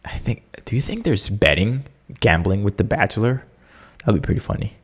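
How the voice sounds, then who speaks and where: Low-voiced man chatting on his solo podcast. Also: a little fast, breathy edge. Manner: animated, jokey, many fillers, squeaky excited impressions. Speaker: podcast host. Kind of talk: casual solo podcast chat.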